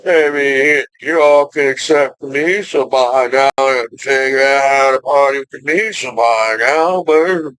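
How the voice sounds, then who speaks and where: A man in his forties from the United States, talking slowly in a rambling vlog monologue full of "you know" fillers, with sudden loud outbursts. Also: mid-range voice, steady tone, clear, resonant tone, dry recording, rough recording. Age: 40s. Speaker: vlogger.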